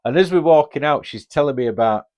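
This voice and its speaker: Fast and animated, a fifties-aged podcast host from Northern England speaks in a voice on the high side with a slight mellowness. His casual story is chatty and blunt, laced with swearing and a Northern English accent.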